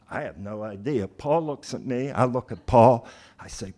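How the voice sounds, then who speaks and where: A man's voice: mid-range voice, expressive. Casual male storyteller on stage. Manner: casual, conversational, quick asides. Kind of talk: live storytelling. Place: theater stage.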